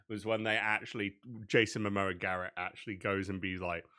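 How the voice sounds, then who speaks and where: A man's voice: fairly low pitch, fairly even intonation, fairly quick, bright, forceful tone, smooth. A young man co-hosting a casual podcast, who laughs often and retells scenes with energy. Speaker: podcast co-host. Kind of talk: casual chat.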